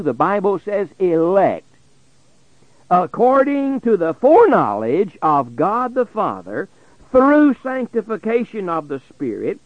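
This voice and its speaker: A man preaching a Bible sermon on the radio, reading verses slowly and stressing key words, dropping his voice low at the end of phrases. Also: no room sound, lo-fi sound. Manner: slow emphatic preaching, drops low at phrase ends.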